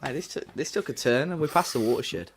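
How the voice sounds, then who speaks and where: A man co-hosting a fan show live stream who reacts quickly and laughs easily in casual chat. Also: medium pitch, lively intonation, crowd noise.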